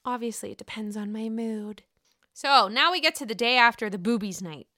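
A woman's voice: on the high side, moderate pace, pushed and bright, no echo, clean studio sound. A young woman hosting a casual podcast, recapping a reality show in a chatty, gossipy way and swearing freely. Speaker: podcast host.

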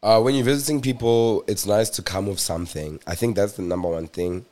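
A young South African man with a somewhat low voice co-hosts a casual podcast. He speaks in an easygoing, unhurried way and now and then pauses for a thoughtful aside. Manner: relaxed, laid-back, thoughtful asides. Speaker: podcast co-host. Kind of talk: casual chat.

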